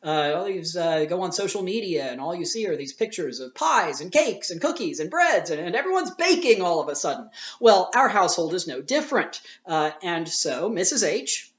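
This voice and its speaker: A man teaches a recorded lesson from home, explaining patiently and filling his pauses with "uh." The room is echoey around him, and the recording sounds dull and lo-fi. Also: high voice, big pitch swings, a bit bright. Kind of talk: recorded classroom lecture.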